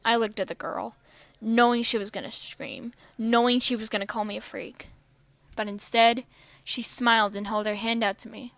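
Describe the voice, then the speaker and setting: A woman's voice: fairly high pitch, fairly even intonation, moderate pace, fairly bright tone, no echo. A woman reading a fan story aloud, often tripping over words and correcting herself. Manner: stumbling, often correcting herself mid-word. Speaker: fan fiction reader.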